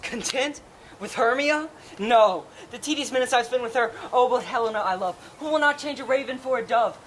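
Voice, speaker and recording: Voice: mid-range voice, fairly quick, a bit bright, lightly acted. An actor playing Lysander, an ardent young nobleman, with passionate verse delivery in outdoor Shakespeare stage acting. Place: outdoor town square. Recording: outdoor performance with background noise.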